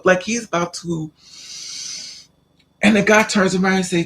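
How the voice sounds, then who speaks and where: Gravelly, higher-pitched man telling a story. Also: normal speed. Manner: animated, rambling, streetwise slang. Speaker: vlogger. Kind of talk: casual storytelling monologue.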